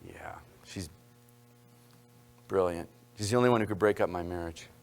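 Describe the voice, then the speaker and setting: A man's voice: low-pitched, normal speed, darkish tone, a little hiss or hum. Man giving a joking university lecture. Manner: jokey asides to the audience. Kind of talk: public lecture. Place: lecture hall.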